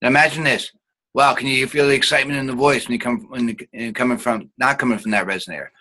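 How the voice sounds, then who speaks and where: A man's voice: medium pitch, steady tone, quick pace, bright, forceful tone, low-quality recording. A man teaching an online acting class, guiding students patiently and showing each sound with hums.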